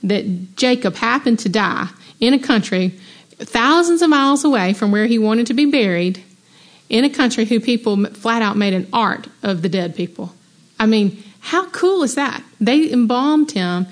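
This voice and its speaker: A woman leading a women's Bible study, reading scripture aloud and commenting in an excited, conversational way with many rhetorical questions. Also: on the high side, moderate pace. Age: adult mother. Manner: enthusiastic, conversational, exclaims and asks rhetorical questions.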